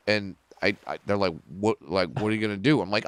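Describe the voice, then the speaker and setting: A middle-aged male comedian, telling stories in a casual podcast chat, profane and animated, jumping up in pitch for punchlines. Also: quick pace, clear, resonant tone. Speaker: comedian guest.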